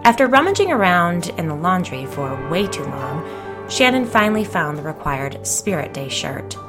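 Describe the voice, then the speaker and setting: A woman narrating a story as an audiobook in a measured, low-key reading, with faint music behind her. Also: sing-song. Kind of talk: scripted first-person fiction narration.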